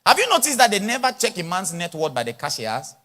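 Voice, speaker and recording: This preacher has a high-sitting voice and talks fast, delivering a sermon at a conference in a large church or hall. He speaks with an influence, stays animated, weaves in pidgin English, and dramatizes little dialogues.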